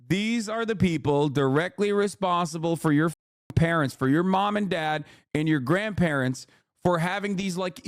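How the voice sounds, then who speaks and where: A man's voice: high-pitched, no room sound, clean studio sound. A male streamer hosting a live commentary, ranting angrily and sarcastically with heavy profanity. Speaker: streamer host.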